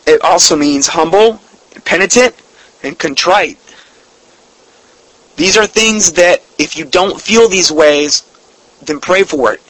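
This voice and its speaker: Earnest high-voiced male preacher. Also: a bit bright, no echo, low-quality recording. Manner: earnest, emphatic, slows down to read definitions and scripture; emotional about the subject. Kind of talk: sermon.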